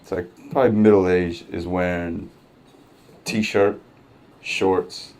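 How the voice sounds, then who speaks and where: A man's voice: low voice, steady tone, slow pace, a little mellow. A man performing a stand-up comedy set on a club stage, telling a casual, profane story with wry asides. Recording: live club crowd and music.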